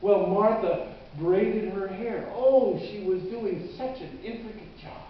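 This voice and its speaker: Slow, high-voiced male preacher; vivid storyteller; recorded far off in a very echoey church. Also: slight background noise. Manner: vivid storyteller, halting restarts. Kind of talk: dramatic sermon storytelling. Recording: echoey church hall from a distance, dull sound.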